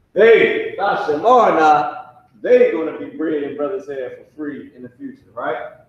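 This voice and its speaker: Guy teaching a class at a whiteboard, kinda high voice, slangy, repeats sounds slow, far off mic, muffled. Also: a little hiss or hum. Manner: loose and slangy, drills pronunciations by repeating them slowly. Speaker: language teacher. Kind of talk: casual classroom instruction. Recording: echoey room, distant and muffled.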